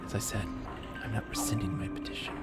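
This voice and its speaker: A man streaming a game, voicing a prim, sweetly guarded old female librarian in a fussy high voice. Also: sing-song, quick pace, over loud music. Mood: sharp whisper. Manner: fussy, says dearie, high pitched.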